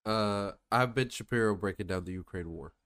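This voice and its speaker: A man's voice: on the low side, a little fast, a bit bright, clean tone, dry recording, clean studio sound. Laid-back male podcast co-host. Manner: loose, profane storytelling. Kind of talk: casual chat.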